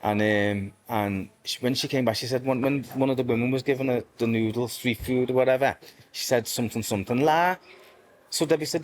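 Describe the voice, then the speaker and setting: A man talking in an easy, chatty way and spinning a story, often correcting himself mid-phrase. His voice sits at an ordinary middle pitch. Faint noise hums behind him. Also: steady tone, brisk. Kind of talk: casual interview talk.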